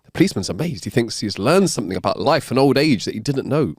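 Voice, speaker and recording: A man's voice: mid-range voice, lively intonation, quick pace, slightly rough, no room sound, studio quality. A man co-hosting a casual podcast, telling long, rambling jokes and laughing at his own lines. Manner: laughs often, rambling joke-teller. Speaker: podcast co-host.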